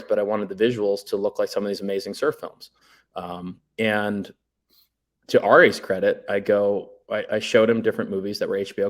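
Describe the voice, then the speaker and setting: A man chatting casually on a podcast as a guest, telling stories in a laid-back, rambling way with lots of fillers. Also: sits low. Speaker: guest, documentary writer and director.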